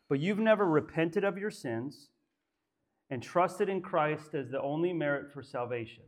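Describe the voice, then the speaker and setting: A man preaching a sermon in church, emphatic and full of rhetorical questions. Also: fairly high pitch. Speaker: pastor.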